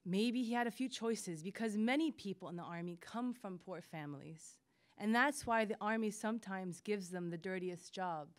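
A woman reading a prison memoir aloud on stage, slow and emphatic. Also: medium pitch. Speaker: reader.

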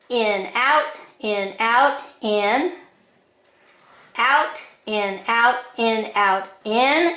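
A woman giving a drawing lesson, calling out short steps one at a time in a slow, patient way. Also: fairly high pitch, a bit bright, reverberant. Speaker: drawing teacher. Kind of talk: step-by-step drawing instruction.

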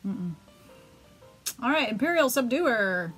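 A woman's voice: on the high side, lively intonation, slow pace, fairly bright tone, faint music behind. A woman co-hosting a casual card-opening video, giggling and reading card names aloud. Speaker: co-host opening card packs. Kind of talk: casual chat.

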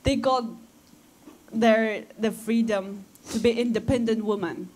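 A woman from Afghanistan speaks in English, her voice sitting a little high. She talks earnestly and with feeling to a room of students. She often breaks off and restarts her phrases. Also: steady tone, measured pace, a little mellow. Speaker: guest speaker at a school talk. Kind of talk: personal talk to students. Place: school assembly room.

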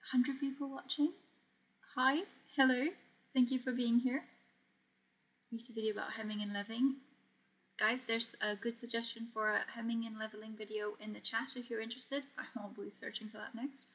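A woman's voice: a little high, fairly even intonation, normal speed, fairly bright tone, husky. A young woman hosting a casual sewing livestream, chatting easily, reading out comments and laughing often as she works. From Portugal. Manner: chatty, reads chat aloud, laughs often. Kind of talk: casual live-stream chat while sewing.

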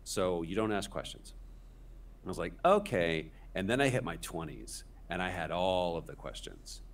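A man's voice: sits low, expressive, moderate pace, far from the mic. A man in his forties, a podcast guest, telling a rambling, self-deprecating story in casual conversation.

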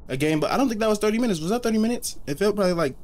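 Relaxed let's play host, chatty, reacts aloud, slightly raised pitch. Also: male voice, rapid-fire. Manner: casual, chatty, reacts aloud, says "you know". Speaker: gaming video host.

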